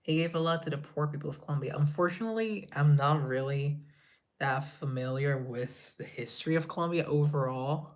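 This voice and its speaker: A man's voice: a little high, brisk. A man on a casual live stream, reading chat aloud and answering, now and then dropping into whispered asides.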